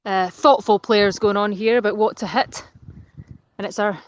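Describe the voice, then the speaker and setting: A woman's voice: medium pitch, moderate pace. A woman commentating live outdoors on a golf course, chatty and jokey as she banters with players. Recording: dull lo-fi outdoor recording.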